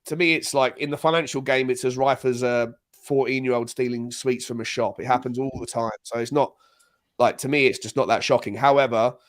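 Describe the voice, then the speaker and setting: Chatty British man hosting a live watchalong. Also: medium pitch. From Britain. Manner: chatty, loose, restarts sentences often. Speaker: host. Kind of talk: casual live watchalong chat.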